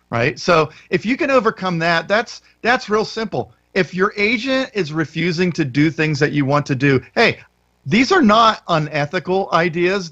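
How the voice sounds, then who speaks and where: A man's voice: a little high, fairly bright tone. A man co-hosting a radio talk show in casual banter, sarcastic and stumbling over repeated words. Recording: dull lo-fi radio broadcast.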